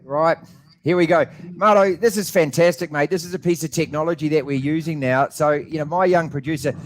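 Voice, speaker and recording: A man with a New Zealand accent hosts a sports radio chat. He talks quickly and in a blokey, joking way, slipping in mate all the time. His voice sits a little high. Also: steady tone, slight background noise. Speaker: radio host.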